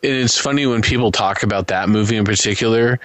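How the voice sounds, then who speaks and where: A man's voice: fairly low pitch, fast, a bit bright, dry recording. A man co-hosting a film podcast, rambling and joking in casual chat. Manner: rambling, joking, laughs often. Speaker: podcast co-host.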